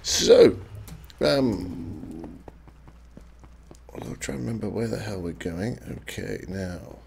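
Croaky man with a sore throat. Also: sits low, takes it slowly, darkish tone, a little hiss or hum. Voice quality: gravelly. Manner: chatty and rambling, swears freely. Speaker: let's play host. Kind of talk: casual gameplay commentary.

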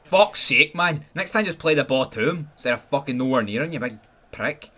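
Man, Scottish accent, gameplay commentary, swearing, very lively pitch swings, bright tone. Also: a little fast. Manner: sweary, excitable, swings between yelling and muttering. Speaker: gaming channel host.

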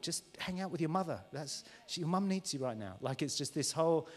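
A man's voice: a little high, fairly quick, few pauses. A man preaching a live sermon in a church, candid and conversational, who acts out lines in an overexcited voice. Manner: animated, acts out dialogues with a mocking overexcited voice. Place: large church hall. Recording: church hall reverb, live stream.

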